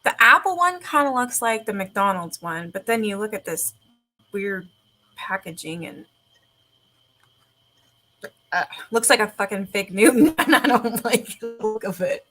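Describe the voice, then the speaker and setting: A woman's voice: mid-range voice, expressive, measured pace, pauses often, sharp tone. A woman chatting casually, rambling, swearing freely and laughing often. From Canada. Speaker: streamer. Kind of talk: casual chat.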